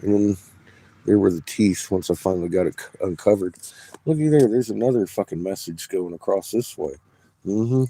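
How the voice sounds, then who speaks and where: A middle-aged man rambling excitedly and profanely in a casual monologue, showing off rocks from inside an RV. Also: deep voice, brisk, slightly rough.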